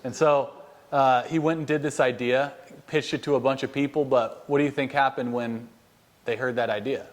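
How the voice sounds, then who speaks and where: American man, mid-pitched, as a profane, high-energy sales coach rallying trainees indoors. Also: normal speed. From United States. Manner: blunt, profane and animated storytelling. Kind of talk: motivational sales training talk. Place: inside a house, addressing a group of trainees.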